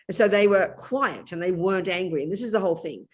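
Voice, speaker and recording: Emphatic Buddhist nun teaching over a call. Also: female voice, fairly low pitch, fast talker. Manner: emphatic, intimate, calls listeners darling. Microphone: video call.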